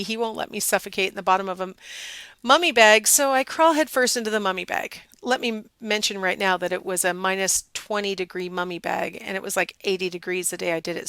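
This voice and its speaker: A middle-aged woman giving a casual psychology lecture, telling a personal story with lively, animated quoting. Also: mid-range voice, clear, resonant tone, no echo.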